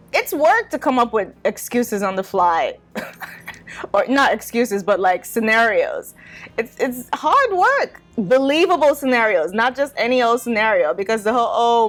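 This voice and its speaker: Chatty woman giving wry dating advice. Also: mid-range voice. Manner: chatty, wry, with frequent "like" and laughs. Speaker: podcast host. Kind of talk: casual advice monologue.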